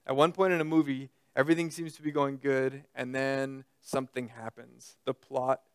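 A man's voice: medium pitch, little pitch movement, normal speed, clear, resonant tone, dry recording. A man preaching a sermon in a loose, conversational way, often checking in with his listeners by asking "okay?". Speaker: pastor.

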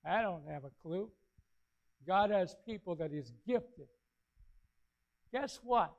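A man pastor preaching a sermon, telling stories with big swings between loud and soft. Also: lo-fi sound. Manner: storytelling preacher, dynamic swings in loudness and pitch.

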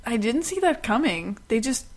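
A woman's voice: fairly high pitch, very animated, moderate pace. Woman podcast co-host, casual chat. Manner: agreeable, frequent affirmations.

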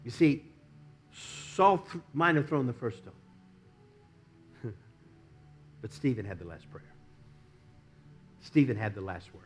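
An American man preaching a sermon as a pastor, swinging from loud exhortation to near-whispers. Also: a little high, animated, normal speed, pauses often, faint music behind.

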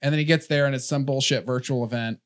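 A man's voice: medium pitch, steady tone, fast. Blunt, swearing man ranting. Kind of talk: casual chat.

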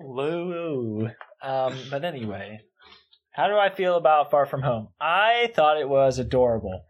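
A man's voice: medium pitch, very animated, unhurried, dull audio. A man on a casual podcast movie review, gushing and giggling, with lots of fillers. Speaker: podcast co-host.

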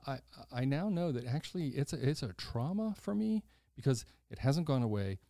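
Mellow-voiced older man telling a story. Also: mid-range voice, normal speed, creaky, no room sound, clean studio sound. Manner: animated storyteller who acts out quoted voices, blunt and swears casually. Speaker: podcast host. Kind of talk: casual storytelling conversation.

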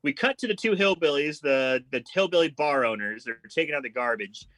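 Animated high-voiced man recapping a movie. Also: no echo, rough recording. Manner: animated, acts out film lines in quick impressions. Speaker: podcast co-host recapping a horror film. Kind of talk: casual profane movie recap.

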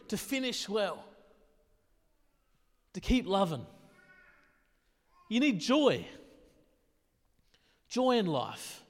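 High-voiced man preaching in a reverberant hall. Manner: conversational, rapid-fire rhetorical questions. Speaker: pastor. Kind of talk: sermon. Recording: long reverb of a large hall.

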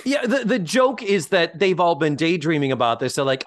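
A man hosting a podcast in casual chat, animated and swearing freely as he acts out quotes. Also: fairly high pitch, fairly quick, hardly any pauses, no echo, clean studio sound. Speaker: podcast host.

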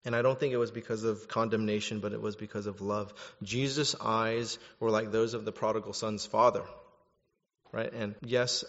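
A man's voice: fairly low pitch, long reverb tail, muffled recording. A man preaching a sermon, animatedly acting out voices of the people in his story. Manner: animated, mimics voices of biblical figures. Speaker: pastor.

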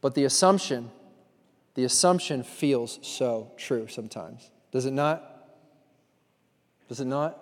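A male pastor preaching a sermon, swinging from loud emphasis to hushed, confessional moments and repeating phrases for weight. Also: mid-range voice, lively intonation, measured pace, pauses often, big-room sound.

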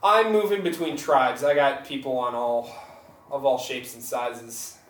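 A man co-hosting a casual comedy podcast, joking and often laughing, with halting restarts. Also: mid-range voice. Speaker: podcast co-host. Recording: roomy, distant mic.

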